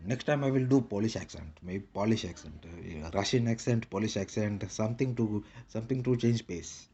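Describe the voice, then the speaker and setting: A man's voice: fairly low pitch, normal speed, warm tone, breathy edge, highs cut off. A man rambling in a casual monologue with a put-on Indian English accent, repeating short clipped broken-English phrases. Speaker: vlogger.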